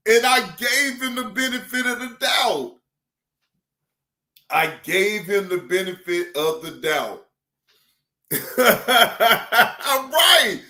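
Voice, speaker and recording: A man doing loud, profane reaction commentary, laughing a lot and repeating himself. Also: high-pitched, expressive, takes it slowly, long pauses, reverberant. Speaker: reaction streamer.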